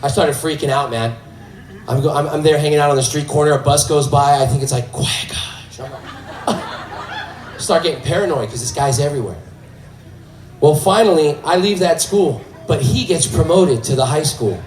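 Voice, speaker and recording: Male stand-up, thirties, high and lively voice, animated storyteller, echoey club with a faint audience. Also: a little fast, distant mic, slight background noise. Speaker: stand-up comedian. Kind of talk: stand-up routine. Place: comedy club stage.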